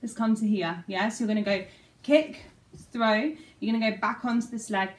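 A woman's voice: fairly high pitch, moderate pace, roomy sound, recorded from a distance, a little hiss or hum, rough recording. A young woman teaching a dance routine at home, counting and scatting the moves aloud. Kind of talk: talking through a dance routine. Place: top-floor flat.

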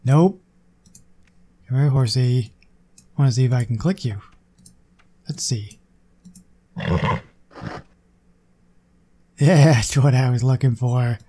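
A young man giving casual, excitable commentary on his gameplay and chatting to viewers. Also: mid-range voice, takes it slowly, pauses often. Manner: excitable, chatty, talks to the game. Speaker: gaming channel host.

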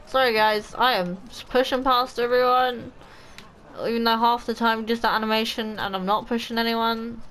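A woman, chatty and excitable, giving let's play commentary as a gaming channel host. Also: a little high, unhurried, a little hiss or hum.

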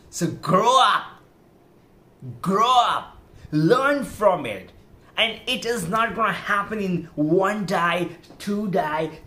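A man's voice: on the high side, fairly bright tone. A man hosting a podcast, giving an emphatic motivational lecture on speaking English correctly, repeating his points to drive them home. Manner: emphatic, repetitive, exhorting.

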